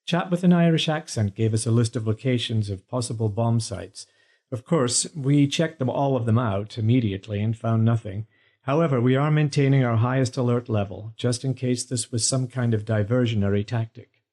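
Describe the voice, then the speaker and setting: A man voicing a calm, unruffled male police inspector speaking to the press. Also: mid-range voice, normal speed, lightly acted.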